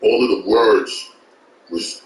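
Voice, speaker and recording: A man's voice: on the low side, slow, reverberant, distant mic, poor audio. A man from Brooklyn, telling a long, profane, rambling story as a guest. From Brooklyn, New York. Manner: profane, rambling, repeats words at restarts. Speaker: guest rapper. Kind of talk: casual storytelling.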